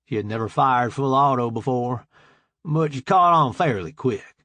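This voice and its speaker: A man narrating a first-person audiobook in a relaxed, conversational way. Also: mid-range voice, moderate pace, no room sound.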